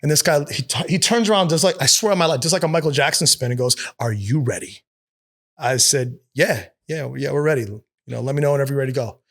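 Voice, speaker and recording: A male actor telling stories in a casual interview, his voice sitting a little higher than most men's. He is animated and swears freely, slipping into the voices of the people he quotes. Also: fast, hardly any pauses. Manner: animated, profane, acts out quotes. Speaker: actor and producer guest. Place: studio with city view.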